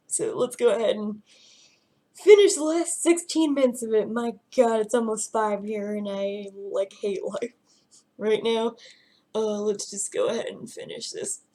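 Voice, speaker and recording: A woman's voice: fairly high pitch, warm tone. A young woman vlogger ranting about a TV episode, exasperated, sarcastic and full of swearing. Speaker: reaction vlogger. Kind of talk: ranting reaction commentary.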